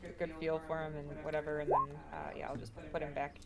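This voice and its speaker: A woman's voice: low voice, completely flat delivery, fast, a crowd in the background. A woman playing in a tabletop game, talking hesitantly with many fillers. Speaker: player. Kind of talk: casual tabletop game play.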